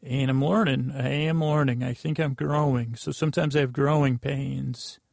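A sleep-deprived man talks in a heavily creaky, gravelly voice, close and dry with no room sound. He rambles through a bedtime podcast monologue that keeps wandering off. He stumbles, restarts and pokes fun at himself, and his pitch barely moves. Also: steady tone, normal speed, a little mellow, dry recording. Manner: meandering and self-deprecating, with many false starts. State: tired from lack of sleep. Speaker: podcast host.

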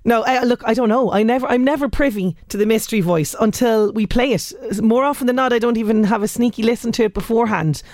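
A woman's voice: on the high side, quick pace, hardly any pauses, darkish tone, no room sound. A woman with an Irish accent presenting a radio show in casual chat, laughing often as she talks.

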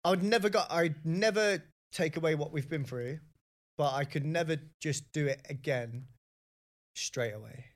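A man co-hosting a podcast in casual chat, animated and quick to laugh, calling everyone mate. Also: on the high side. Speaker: podcast co-host.

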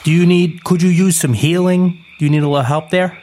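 A man's voice: high voice, steady tone, brisk, darkish tone, slight background noise. A man playing a tabletop game, easygoing and full of hesitant fillers. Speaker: player.

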